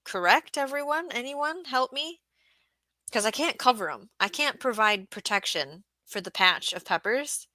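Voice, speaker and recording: Chatty woman with a bright dry voice. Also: fairly high pitch, animated, unhurried, no room sound. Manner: chatty, reads viewer comments aloud, laughs often. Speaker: livestream host, market gardener. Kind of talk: casual livestream chat.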